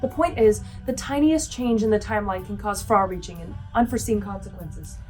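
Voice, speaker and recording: A woman playing a starship commander, giving brisk, commanding orders to her crew. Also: medium pitch, darkish tone, soft background music, low-quality recording.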